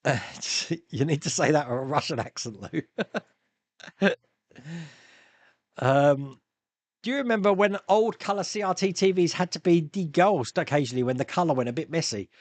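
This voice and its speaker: Guy rambling on his live stream, bit high voice, dry close sound, laughs a lot. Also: lively intonation, normal speed, long pauses, no room sound. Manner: chatty, rambling, laughs often, many restarts. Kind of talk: casual chat reading viewer comments.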